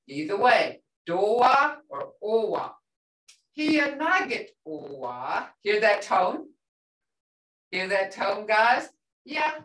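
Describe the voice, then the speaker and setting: A woman's voice: a little high, big pitch swings, slow pace, a bit bright. A woman teaching a language class, patiently repeating words and sounds for her students. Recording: roomy sound from a distance.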